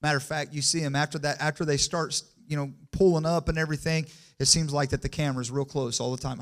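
A man preaching a sermon in church, calling for amens and building from quiet to loud and emphatic. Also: a little high, fairly even intonation, fast talker, few pauses. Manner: call-and-response, asks the congregation for amens.

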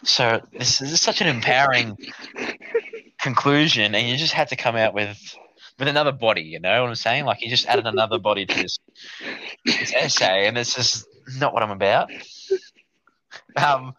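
A man's voice: mid-range voice, normal speed, long pauses, pushed and bright, no echo. A young man co-hosting a podcast in casual chat, laid-back and hesitant, with many ums. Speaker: podcast co-host. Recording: dry, slightly dull sound.

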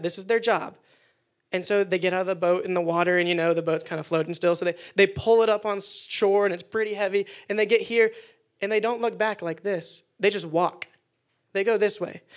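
High-voiced man giving a lively youth sermon. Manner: energetic and conversational, joking. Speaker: youth pastor. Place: indoor meeting room with listeners.

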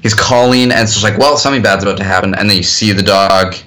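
A man's voice: on the low side, fast, sharp tone. A man co-hosting a podcast, talking casually about a film, rambling with lots of fillers and restarts. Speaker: podcast co-host. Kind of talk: casual chat.

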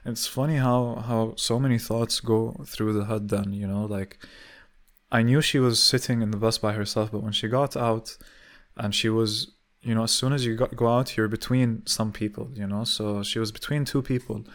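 A man's voice: on the low side, steady tone, moderate pace. Rambling young man telling a story. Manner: rambling, many fillers and restarts, swears casually. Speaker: vlogger. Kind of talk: casual storytelling monologue.

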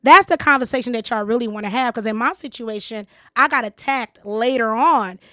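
A woman's voice: on the high side, brisk, bright, forceful tone, dry recording, studio quality. A woman hosting a casual conversation, talking emphatically and repeating phrases for stress. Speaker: podcast host.

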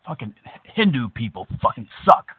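A man making a prank phone call, crude, abusive and mocking, at times bursting into shouts. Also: mid-range voice, very animated, moderate pace, a little hiss or hum. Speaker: prank caller.

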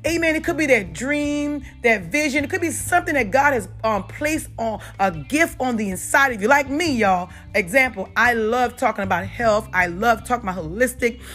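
A woman's voice: fairly high pitch, lively intonation, moderate pace, few pauses, a bit bright, faint music behind. A middle-aged woman with a Southern accent, talking casually and unedited about natural health and faith, with many fillers and repeated "you guys" and "y'all". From South Carolina. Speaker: holistic health talk host.

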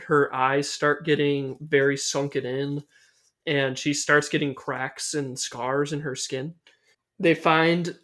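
A young man hosts a podcast and casually recaps a horror film, rambling loosely, swearing a lot, and using many fillers. His voice sits on the high side with a fairly bright tone.

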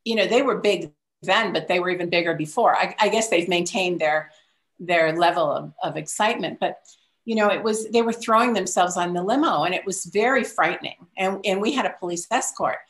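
A woman's voice: lowish voice, fairly quick. An older woman telling a personal story in a casual, chatty way, often laughing and lifting her voice to quote others.

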